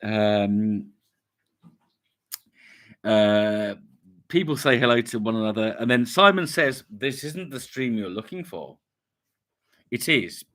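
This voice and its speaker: Speaking slowly with long pauses, this YouTube host has a low-leaning, expressive voice with a fairly bright tone. He rambles through a casual live stream, welcoming viewers and reading their comments aloud.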